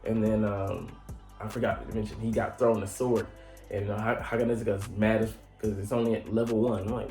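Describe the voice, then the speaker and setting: A man with a lowish voice recaps an anime episode in a loose, rambling way, swearing freely and leaning on fillers. His voice bounces around an echoey room. Faint background music plays behind him. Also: little pitch movement, fairly quick, darkish tone. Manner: rambling, profane, full of fillers.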